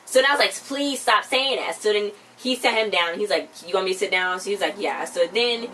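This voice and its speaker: A woman co-hosting a casual TV recap chat, retelling scenes in an animated way and voicing the characters' lines. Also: medium pitch, fast. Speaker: co-host reviewing a TV episode. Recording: distant mic with faint background noise.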